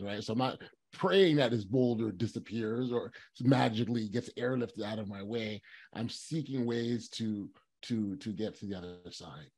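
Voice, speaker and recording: Man hosting a podcast, halting and encouraging. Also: on the low side, darkish tone. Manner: halting, many restarts and "you know"s, encouraging. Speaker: podcast host. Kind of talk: conversational interview.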